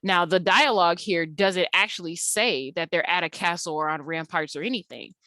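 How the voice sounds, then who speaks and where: Woman, English teacher, recorded lesson. Low-ish voice, dry recording, loose delivery full of fillers. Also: normal speed, bright, forceful tone, no room sound. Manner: casual explaining with many fillers and restarts. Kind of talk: recorded slide-by-slide tutorial.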